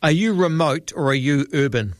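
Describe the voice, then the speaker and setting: Relaxed male talkback radio host. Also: fairly high pitch, normal speed, no room sound, studio quality. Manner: relaxed, musing, hesitant with ums and trailing questions. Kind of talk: late-night talkback radio chat.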